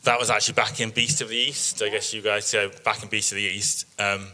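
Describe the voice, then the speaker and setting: A man in his thirties gives a relaxed workshop talk, rambling through stories about his sheep with plenty of ums. His voice sits a little low but sounds bright and forceful. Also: a little fast. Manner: chatty storytelling with many fillers. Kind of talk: presentation with slides.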